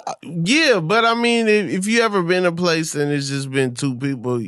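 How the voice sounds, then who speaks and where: A male podcast host in casual chat, relaxed and slangy, often giving short replies. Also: on the high side, moderate pace, smooth, dry recording, clean studio sound.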